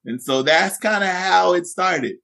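A man with a bright, forceful voice, pitched a little high for a man, spinning a classroom anecdote with lively energy. He is a teacher and podcast guest who acts out the voices in his story. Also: a little slow, gravelly. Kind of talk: animated storytelling in conversation.

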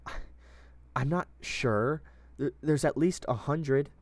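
A man voicing a wounded, frightened young captive woman with a low, somewhat manly voice, who pleads and stammers. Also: expressive, a little slow, dry recording, lightly acted.

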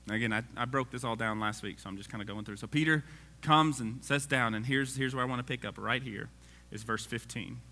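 A man's voice: medium pitch, brisk, pushed and bright. A man preaching a casual sermon, reading scripture aloud and joking with the congregation.

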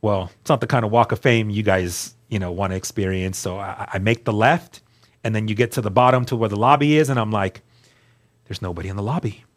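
A man, a guest on the show, telling his personal testimony in an earnest, emphatic way, dropping to a hushed voice at key moments. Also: fairly low pitch, brisk.

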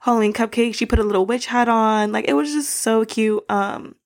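Giggly young woman with gravelly fry. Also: a little high, a little fast. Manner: rambling, giggly, many fillers. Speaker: podcast host. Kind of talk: casual solo podcast chat.

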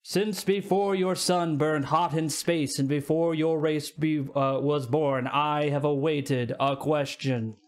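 A man voicing an ancient, solemn stone guardian of time in a tabletop game, speaking in slow, formal pronouncements. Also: on the high side, steady tone. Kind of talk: tabletop role-play voicing.

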